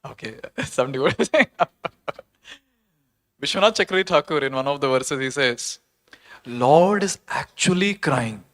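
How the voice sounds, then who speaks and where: A man with a slightly raised pitch tells a sacred story at a temple talk. He speaks earnestly and with animation, pausing often to ask his listeners questions. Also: animated, a bit bright. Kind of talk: devotional storytelling lecture.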